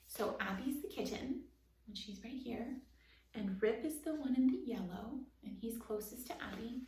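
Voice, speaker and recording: A woman reading a children's picture book aloud at storytime, softly, and dropping into whispered asides to explain the pictures. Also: a little high, normal speed. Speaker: storytime reader. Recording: roomy, distant, faint hiss.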